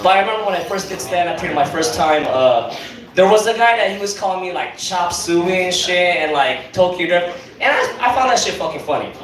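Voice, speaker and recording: A man's voice: sits high, lively intonation, fairly quick, a bit bright. A young man doing a rambling, profane stand-up set on a comedy club stage. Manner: rambling, profane, lots of fillers. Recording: echoey club, mic from far off, crowd. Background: audience laughing.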